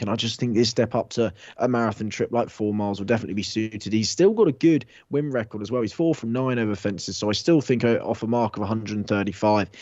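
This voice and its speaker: A man co-hosting a horse racing preview, working quickly through each horse's form. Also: on the low side, darkish tone, dry recording, dull audio. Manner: fast, form-heavy analysis with restarts. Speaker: racing tipster co-host. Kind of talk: casual racing preview chat.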